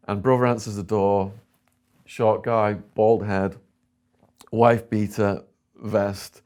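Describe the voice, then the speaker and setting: A man with an English accent, an interview guest telling a story and acting out what others said. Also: fairly low pitch. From England. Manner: animated storyteller voicing other people in quotes.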